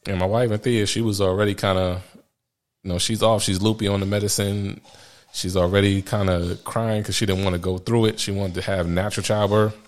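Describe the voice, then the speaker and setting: A man in his thirties speaks in a fairly low voice, telling parenting stories in a loose, candid way. He rambles, restarts and laughs often as he talks. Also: level tone, a little fast. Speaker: father sharing parenting stories. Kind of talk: casual personal storytelling.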